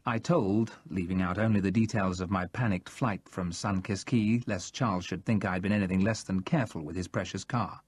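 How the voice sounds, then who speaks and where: A man narrating a first-person thriller audiobook in a steady, measured way, read close to the mic. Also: sits low, breathy edge, no room sound.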